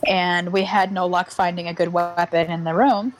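A woman's voice: lowish voice, fairly even intonation, normal speed, rough recording. A woman playing a tabletop game, chatting casually about her moves. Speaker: player.

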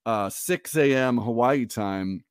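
A man's voice: medium pitch, slow pace, clean tone, no echo, studio quality. A man co-hosting a podcast in casual chat, chatty and rambling, often laughing. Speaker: podcast co-host.

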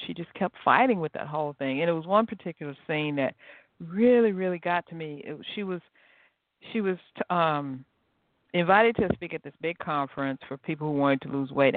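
A woman's voice: deep voice, no echo. Chatty encouraging woman, tinny phone sound. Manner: chatty, animated storyteller, encouraging. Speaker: podcast host. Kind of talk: casual motivational solo podcast.

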